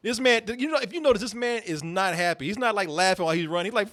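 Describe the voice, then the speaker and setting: A man hosting a live comedy stream, swearing freely and breaking into loud laughter while reacting to clips. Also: sits high, racing. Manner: loud laughing, profane, animated. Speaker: host.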